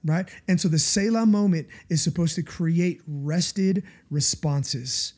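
Male pastor, conversational sermon; warm, mellow tone, emphatic and confessional. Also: a little high, slow, hardly any pauses. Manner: earnest, confessional, emphatic, often asks listeners "right?".

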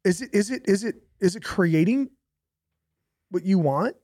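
A man's voice: sits high, expressive, unhurried, a little mellow, no echo, clean studio sound. A young man, a pastor, talking casually about faith, telling stories animatedly with laughs and repetition.

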